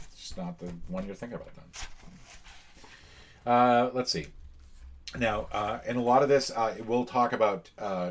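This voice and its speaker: A man hosting a casual solo board game playthrough, explaining in a relaxed way with many filler sounds. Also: sits low. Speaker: board game channel host.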